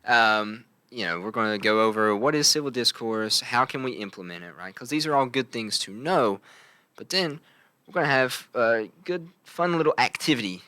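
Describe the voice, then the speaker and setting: A man's voice: mid-range voice, animated, normal speed, pushed and bright, no room sound. A young man hosting a casual podcast chat, telling stories playfully and tagging his lines with "right?". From from Logan. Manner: playful storyteller, full of "right?" tags. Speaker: podcast host.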